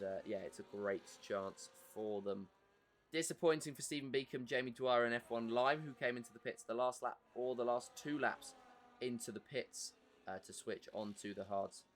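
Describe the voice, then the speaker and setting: A man's voice: mid-range voice, fairly bright tone. A man with an English accent giving live commentary on an online racing league, chatty and answering viewer messages between race updates.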